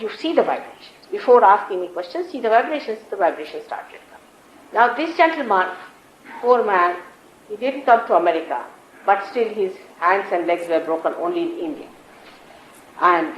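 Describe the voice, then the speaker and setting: A woman spiritual teacher giving a public talk, unhurried and gentle, with emphatic repetition as she tells stories. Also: mid-range voice, dull audio, slight background noise. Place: large lecture hall. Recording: roomy 1980s hall recording.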